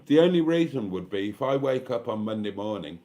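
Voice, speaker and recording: British bloke in his 50s chatting on a livestream, kinda low voice, sounds knackered and a bit tipsy. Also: expressive, a little fast, mellow. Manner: chatty, swearing, self-deprecating. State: tired and tipsy. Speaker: vlogger hosting a live stream. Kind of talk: casual live chat reading comments.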